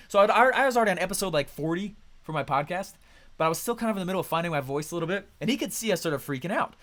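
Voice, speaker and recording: A man coaching a group, talking energetically and emphatically in a quick, conversational storytelling way with loud bursts. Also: high voice, animated. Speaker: business coach. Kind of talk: motivational coaching talk.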